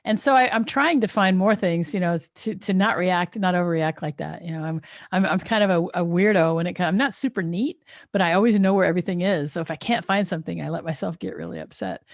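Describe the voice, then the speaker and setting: A woman's voice: fairly low pitch, expressive, fairly quick, no echo, clean studio sound. A woman hosting a podcast in casual chat, reflective and telling personal stories. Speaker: podcast host.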